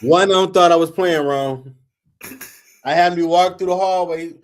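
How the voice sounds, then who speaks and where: A man in his forties tells a story in a casual, profane way. His voice sits a little high for a man. When he quotes others and himself he pushes it up and gets louder. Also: normal speed. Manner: animated, profane, acts out quotes in raised voice. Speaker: host.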